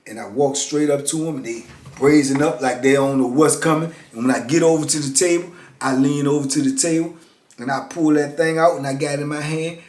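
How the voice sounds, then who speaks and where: A man's voice: fairly high pitch, fairly even intonation, fairly quick, darkish tone. Blunt streetwise middle-aged man storytelling. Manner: blunt, streetwise, repeats "you know what I'm saying". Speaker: former prisoner and motivational speaker. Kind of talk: casual storytelling. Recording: echoey room.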